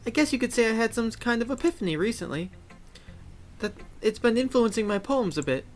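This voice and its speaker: A man putting on a bright, confident schoolgirl club leader. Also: extremely high pitch, animated, a little fast, soft background music, pitched above the performer's own voice. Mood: upbeat. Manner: upbeat, advice-giving. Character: confident cheerful teen girl club president.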